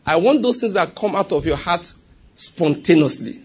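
A man with a Nigerian accent preaching a sermon, animated, with laughing asides and softly acted prayers. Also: sits high, moderate pace, slightly rough.

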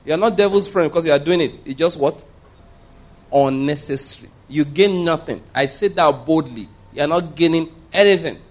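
A man's voice: on the high side, moderate pace. A man preaching a sermon, emphatic and repeating his points, asking the congregation rhetorical questions. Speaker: pastor.

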